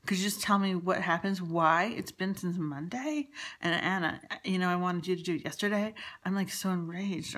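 A woman's voice: fairly low pitch, normal speed, fairly bright tone. A woman telling a rambling personal story, exasperated and swearing, with frequent restarts. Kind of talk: casual personal monologue.

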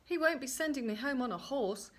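A woman voicing a gentle young weaver's daughter who speaks in a plaintive, anxious way. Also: high voice, lively intonation, brisk, voice pushed up.

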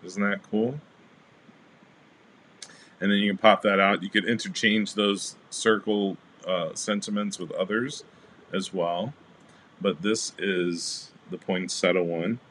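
Male craft livestream host, low voice, easygoing and chatty with viewers; light room noise. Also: slow pace, long pauses. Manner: chatty, greets live chat viewers by name; relaxed, rambling with fillers. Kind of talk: casual craft demo livestream.

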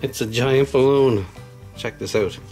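A man's voice: medium pitch, measured pace, over loud music. A man casually unboxing toys and reading a children's storybook aloud, chatting to young viewers as he goes. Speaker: channel host.

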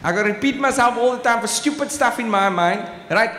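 A man's voice: very high voice, brisk, sharp tone, slight background noise. A man from Cape Town with a South African accent doing live stand-up comedy, chatty, often asking "right?" and tossing in "bruh". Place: large exhibition hall on stage. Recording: echoey live hall, faint ambience.

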